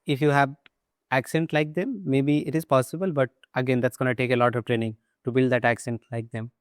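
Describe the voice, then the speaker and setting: A man with an Indian English accent hosts a casual conversation on his channel. His voice is smooth and resonant, recorded dry and close. He talks in a relaxed, agreeable way. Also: mid-range voice, brisk, no room sound. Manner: relaxed, agreeable, many short backchannels. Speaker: channel host.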